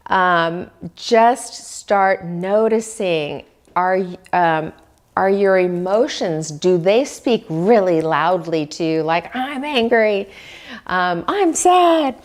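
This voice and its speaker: A woman speaking as a wellness coach in a reflective self-help talk, gentle and questioning the listener as she goes. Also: on the low side. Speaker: dietitian giving wellness tips.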